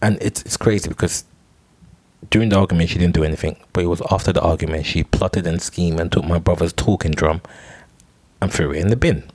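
A young man tells a solo podcast story in a very low voice, stumbling over repeated words and swearing as he goes. The recording is dry and close, with no room sound around him. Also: a little fast, a little mellow, no room sound. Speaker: podcast host.

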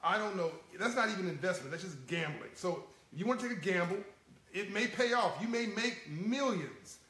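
A man with a high voice talks to his livestream viewers in a casual, folksy way. He chuckles often and stays animated. The sound bounces around an echoey room. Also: moderate pace. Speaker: livestream host.

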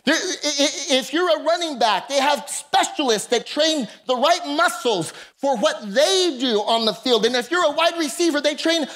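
A male preacher with a strikingly high voice delivers a fired-up sermon to his congregation. He builds up to loud, ringing shouts and keeps calling on the listeners to answer back. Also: expressive, moderate pace, hardly any pauses. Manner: impassioned preaching, bursts of shouting, calls to the congregation. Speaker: pastor. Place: church service with a congregation.

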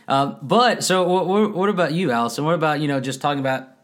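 A man in his thirties co-hosting a casual faith-based marriage talk at home, animated and laughing often as he acts out quotes. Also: a little high, fast. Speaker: podcast co-host. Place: home room, kids nearby.

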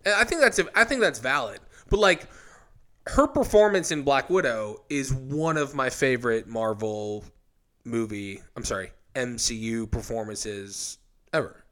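A man's voice: mid-range voice, a little slow. A young adult man co-hosting a podcast, chatting casually and gushing with enthusiasm. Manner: excitable, enthusiastic fan. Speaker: podcast co-host. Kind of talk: casual chat.

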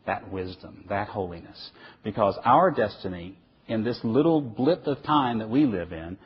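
A man's voice: lowish voice, normal speed, slight background noise. A middle-aged man preaching a sermon in an emphatic way, asking questions and then answering them himself. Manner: animated, emphatic, asks and answers his own questions. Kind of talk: sermon lecture. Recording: dull lo-fi recording.

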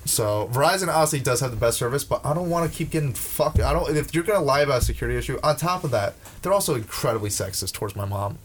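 A man's voice: medium pitch, animated, fast talker, few pauses, slight background noise. A young man in casual podcast chat, ranting with heavy swearing and frequent restarts. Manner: profane, ranting, with many restarts.

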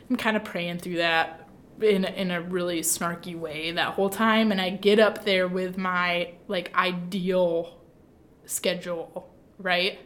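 A woman's voice: on the low side, moderate pace. A young woman from the Midwest telling a personal story in casual chat, talking chattily with lots of fillers. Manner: chatty, lots of "like", animated retelling.

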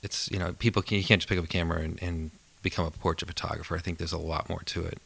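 Male podcast guest, low and gravelly, bright edge, relaxed storyteller. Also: racing. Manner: relaxed, thoughtful, amused storyteller. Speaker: photographer and filmmaker guest. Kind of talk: casual podcast interview.

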